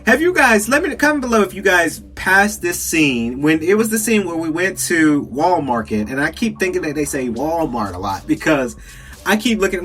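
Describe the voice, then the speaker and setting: A man's voice: fairly high pitch, sing-song, normal speed, a bit bright. A young man from South Georgia with a Southern accent, hosting a casual podcast, rambling and chatty with many fillers and frequent laughs. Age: young adult. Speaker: podcast host. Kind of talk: casual solo game review talk. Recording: faint music behind.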